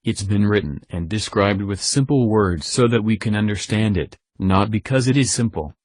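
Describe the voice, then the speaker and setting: A man's voice: on the low side, a little mellow, no echo. A synthetic male text-to-speech voice delivering religious narration, robotic in an evenly paced preaching monologue.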